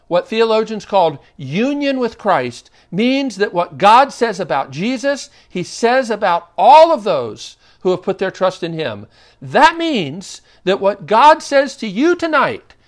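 A male pastor preaching a sermon in an earnest way, swinging between loud emphasis and hushed intensity. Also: high-pitched.

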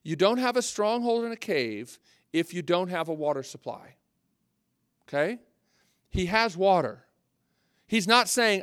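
A man delivers a sermon in a talkative, earnest manner, often breaking off into asides. His voice sits high for a man, and the recording is dry and close. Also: animated, unhurried, long pauses, a bit bright, no echo. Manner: conversational and earnest, with frequent restarts and asides. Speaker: preacher.

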